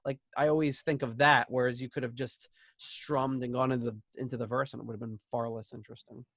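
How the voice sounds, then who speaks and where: A man's voice: mid-range voice, level tone, fast, fairly bright tone, no room sound, studio quality. A man in his thirties hosting a podcast, chatting casually and rambling about an album, laughing easily. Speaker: podcast host. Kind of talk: casual album review chat.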